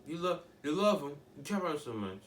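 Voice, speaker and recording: A man's voice: on the high side, very animated, quick pace, roomy sound, recorded from a distance, slight background noise. A teenage boy talking in a rambling, emphatic way, often restarting and asking rhetorical questions. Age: teens. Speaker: vlogger. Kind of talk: casual monologue to camera.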